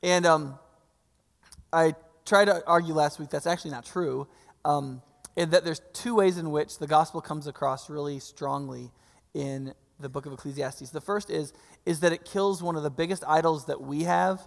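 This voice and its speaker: Gravelly-voiced pastor preaching in a hall. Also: male voice, a little high, steady tone, normal speed. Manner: conversational preaching, frequent restarts and rhetorical questions. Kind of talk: sermon. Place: church sanctuary. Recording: long church hall reverb.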